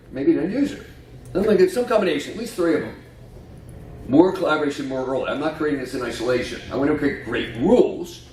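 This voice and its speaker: Guy presenting at a conference, playful, quizzes the crowd, roomy echo, sounds far off from the mic. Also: medium pitch. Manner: lively, joking, quizzes the audience. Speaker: conference speaker. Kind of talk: conference talk. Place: conference room. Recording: echoey hall from far off, faint noise.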